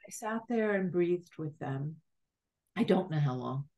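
Low, slow-speaking reflective woman. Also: lively intonation. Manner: soft, reflective, halting with many restarts. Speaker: guest. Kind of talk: spiritual storytelling in a podcast interview.

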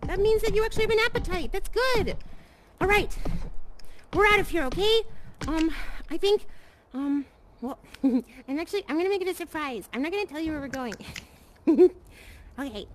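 A young woman streaming a VR game, talking softly and comfortingly to the players and creatures around her, hesitant, with many ums and sighs. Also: very high voice, noisy background. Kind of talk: casual in-game role-play chat.

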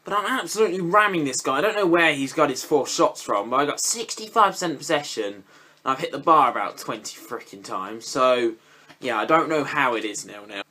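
Young man, bright sharp voice, live gameplay commentary, swearing, sudden high yelps. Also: animated, brisk. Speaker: gaming YouTuber.

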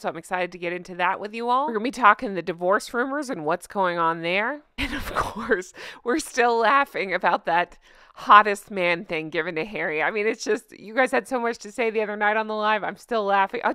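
A woman hosts her own commentary vlog, chatting bubbly with her viewers and laughing often. Her mid-range voice is bright, forward, and smooth, recorded close and dry with no room sound.

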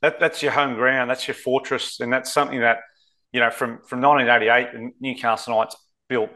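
A man's voice: mid-range voice, level tone, fairly quick, pushed and bright. An Australian man co-hosting a sports betting podcast, talking casually and rambling, saying mate a lot. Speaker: co-host.

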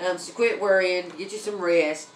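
A woman's voice: lowish voice, steady tone, normal speed, roomy sound, slight background noise. A woman giving a casual tarot reading, chatty, with many ums and repeated okays. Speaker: tarot reader.

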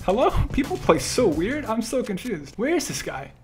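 A man's voice: high voice, very animated, moderate pace, darkish tone, faint music behind. A young man giving live gameplay commentary, joking, trash-talking opponents and laughing often. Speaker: gaming YouTuber.

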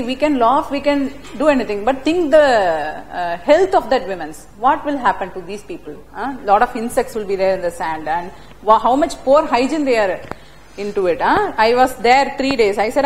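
A woman's voice: fairly high pitch, moderate pace, a little hiss or hum, poor audio. A middle-aged woman with an Indian English accent, teaching an ethics class and telling personal stories with tag questions and many restarts. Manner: animated storytelling, fillers and tag questions like "na?" and "huh?"; speaks non-native English with frequent restarts.

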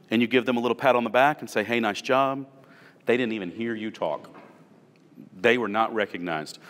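Guy running a manager training, lowish voice, chatty storytelling, long echo in the room. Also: fairly bright tone. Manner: conversational, story-driven, asks rhetorical questions. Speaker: supervisory trainer. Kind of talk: workplace training talk.

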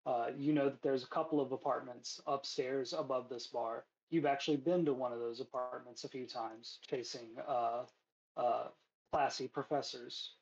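Man, game master, relaxed narration, frequent fillers, lo-fi muffled audio. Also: medium pitch, normal speed, creaky.

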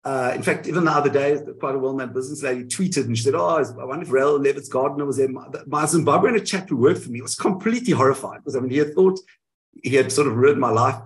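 A man in a candid interview, telling his side of events in an animated way and often correcting himself mid-sentence, heard over a video call. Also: medium pitch, fast talker, rough recording. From South Africa. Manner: animated storytelling, frequent self-corrections. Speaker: guest.

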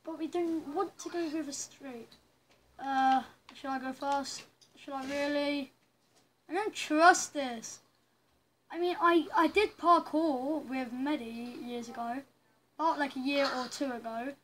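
A young woman chatting through a story game, reacting loudly and with dismay to what happens on screen. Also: sits high, steady tone, a little slow, a little hiss or hum. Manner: chatty and reactive, frequent loud dismayed outbursts. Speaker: gamer playing a story game. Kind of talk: let's play commentary.

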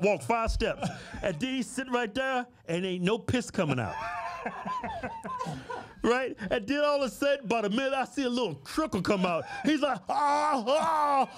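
High, lively-voiced man telling stories. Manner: animated, laughing, profane storyteller. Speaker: co-host. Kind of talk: casual commentary and storytelling.

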